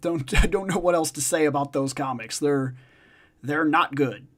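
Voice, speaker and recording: A man's voice: fairly high pitch, moderate pace, a bit bright. A man hosting a casual discussion chat, emphatic and profane, repeating his points for stress. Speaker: podcast host.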